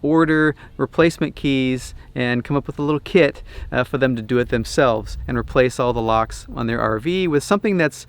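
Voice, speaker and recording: A man hosting an RV do-it-yourself vlog, telling a story in a chatty, relaxed way. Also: mid-range voice, moderate pace, few pauses, clear, resonant tone. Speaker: RV DIY channel host.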